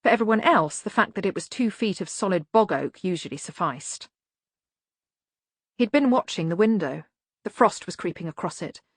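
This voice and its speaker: A woman reading an audiobook in measured, even narration. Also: fairly low pitch, husky, no room sound, clean studio sound.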